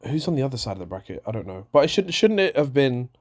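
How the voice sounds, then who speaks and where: A man rants casually through a wrestling review. He sounds animated and exasperated, often stopping mid-sentence to restart a thought. His pitch sits mid-range for a man. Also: fast.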